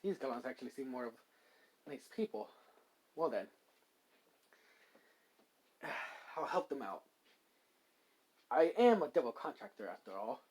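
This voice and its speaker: A man's voice: mid-range voice, big pitch swings, a little slow, long pauses, a little mellow, breathy edge, voice pushed down. A man voicing a cocky slime hero. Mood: casual. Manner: casual, slangy and boastful. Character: cocky young male hero reincarnated as slime.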